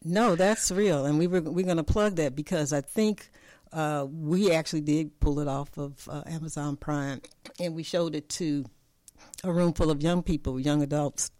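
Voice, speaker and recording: Earnest interviewer with a mellow voice. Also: mid-range voice, normal speed, no room sound. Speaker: interview host. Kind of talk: interview conversation.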